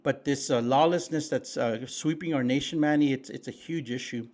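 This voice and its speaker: A man's voice: medium pitch, normal speed, darkish tone. Man, folksy, preachy, fillers and restarts, co-host chat. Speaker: podcast co-host. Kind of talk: casual political chat.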